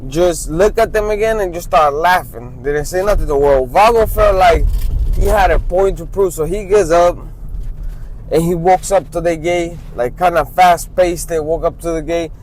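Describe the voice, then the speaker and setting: A man's voice: on the high side, moderate pace, darkish tone, slight background noise, rough recording. A man casually telling a true street story, with loose restarts and "right?" asides.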